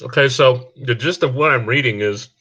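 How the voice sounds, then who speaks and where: A man's voice: mid-range voice, moderate pace, slightly rough, muffled recording. A man guesting on a livestream, casually summing up news articles. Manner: relaxed, summarizing news. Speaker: guest co-host.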